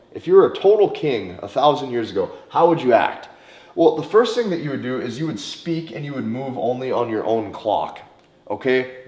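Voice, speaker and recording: A man giving dating advice in a direct, emphatic monologue, sometimes slowing down and stretching words for emphasis. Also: medium pitch, a little mellow. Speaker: dating coach. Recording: roomy echo.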